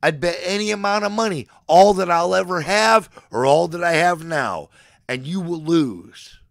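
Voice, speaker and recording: A man in his forties with a slightly high, gravelly voice, sounding dry and close. He rants to his livestream chat like a mock preacher. He is aggressive and boastful, hurling profane threats, then abruptly declares his love for his regular viewers. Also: normal speed, dry recording. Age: 40s. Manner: swings between threats and affection. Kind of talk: mock-sermon rant to a live chat.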